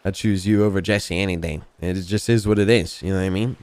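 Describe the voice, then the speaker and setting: A man's voice: low voice, fairly even intonation, fast, darkish tone. A man talking in character during a roleplay game, rambling and swearing, padding his lines with "you know what I mean.". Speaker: roleplay gamer.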